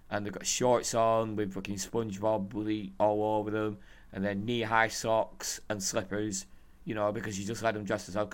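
A hoarse man co-hosting a podcast, rambling, swearing and laughing in casual chat. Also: fairly low pitch. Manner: rambling, profane, laughing often. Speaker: podcast co-host.

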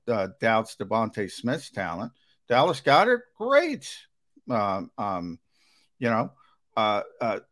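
A man talking sports analysis on a talk show. He starts sentences over and over, then drives his points home with emphatic bursts. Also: medium pitch. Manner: hesitant restarts, emphatic and animated.

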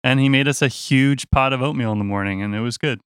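A young man, a touring musician, telling a story in a casual chat, animated and laughing, slipping into voices for the people he quotes. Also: medium pitch, fast talker, smooth, no room sound, clean studio sound.

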